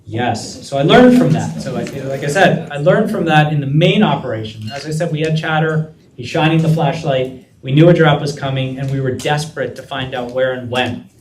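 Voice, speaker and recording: A man telling a lively story to law students and acting out the dialogue as he goes. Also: on the high side, normal speed. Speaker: guest speaker. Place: lecture room. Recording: echoey room from a distance.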